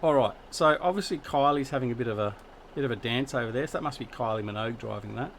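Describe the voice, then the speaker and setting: A man's voice: medium pitch, quick pace, gravelly, a little hiss or hum. An Australian man chatting casually with viewers while hosting a gaming livestream, greeting people by name and joking about himself. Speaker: livestream host.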